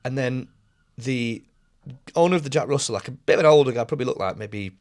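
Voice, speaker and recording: A man's voice: mid-range voice, fast talker, a little mellow, dry recording, studio quality. A man in his forties co-hosting a podcast, telling stories in casual chat and swearing freely. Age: 40s. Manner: swears freely, acts out quoted voices. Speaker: podcast co-host.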